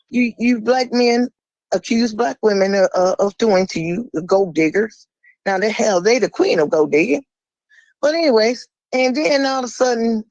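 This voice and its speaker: Forceful preachy woman on a dry mic. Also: mid-range voice, dry recording, poor audio. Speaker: caller. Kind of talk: impassioned monologue.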